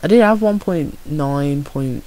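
A young man with a Birmingham accent, giving chatty, excitable and jokey commentary on his own gameplay. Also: fairly high pitch, unhurried. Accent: Birmingham English. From Birmingham, England.

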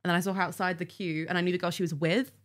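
A young woman guesting on a podcast, talking quickly in a fairly low voice. She chats casually and laughs often. Her tone is relaxed and conversational.

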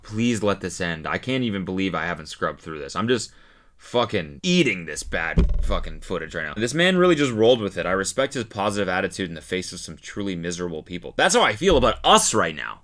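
Host reacting to a clip: lower-pitched man, swings his pitch all over, sarcastic and profane. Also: sing-song, a little fast, a bit bright, faint music behind. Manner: sarcastic, profane, mocking impressions. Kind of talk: comedic commentary.

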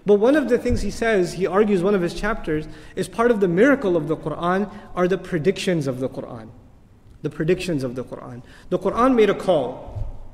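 A man giving an animated religious lecture as an Islamic teacher, telling stories and asking rhetorical questions. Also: high-pitched, brisk. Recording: long hall reverb.

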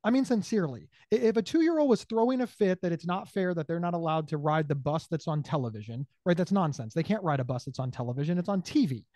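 A man speaking as an advocate in an interview, explaining with lively acted-out dialogue, often stumbling over first words and asking "right?". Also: fairly high pitch, quick pace, few pauses, dry recording, studio quality. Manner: animated, acts out dialogue in changing voices; repeats words at starts, checks in with "right?". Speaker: bipolar disorder advocate. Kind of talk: conversational interview answers.

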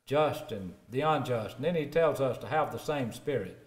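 A middle-aged man preaching a sermon, rising emphatic on scripture and dropping low and soft for stories. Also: lively intonation, moderate pace.

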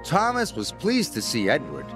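A man reading a children's story aloud in an expressive storytelling voice, over music. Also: a little high, moderate pace. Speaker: storybook narrator. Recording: music playing behind.

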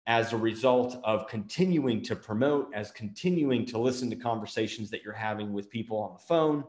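Energetic man firing off questions, echoey room. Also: fairly low pitch. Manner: energetic, rapid-fire rhetorical questions. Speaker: marketing agency owner and show host. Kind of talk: motivational business talk to camera.

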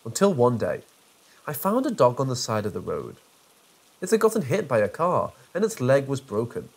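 A nasal, self-satisfied villain, as a man puts him on for a spooky story reading, talking in a lively sing-song with a husky edge. He monologues about himself with pompous relish, smug and theatrical. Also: medium pitch, normal speed, heavily acted.

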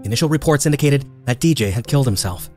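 A man hosting a podcast, reading a scripted true crime narration in a brisk, measured storytelling manner. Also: medium pitch, animated, a little mellow, faint music behind.

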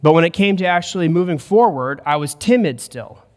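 A man's voice: fairly high pitch, expressive, fairly quick, a little mellow. A man preaching a sermon as a pastor, earnest and building to emphatic points. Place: church sanctuary. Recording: long church hall reverb.

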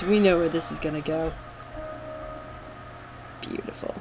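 A let's play host commentating a horror game, jumpy and nervous, groaning and gasping and coaxing the character to calm down. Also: medium pitch, a little slow, a little hiss or hum, rough recording.

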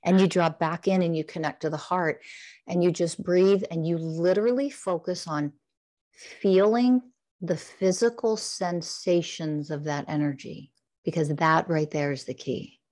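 Low-voiced woman guiding a meditation. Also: steady tone, a little mellow. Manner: slow, soothing guiding cadence with repeated affirmations. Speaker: guest, spiritual teacher. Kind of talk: guided heart-centered meditation coaching.

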